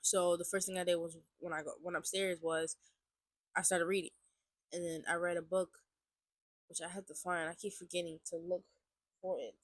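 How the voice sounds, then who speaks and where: A woman in her twenties, sounding congested, gives a casual testimony to camera as a vlogger, rambling, repeating herself and peppering her speech with "like." Her voice is fairly low and level, at normal speed with long pauses, in a dry recording.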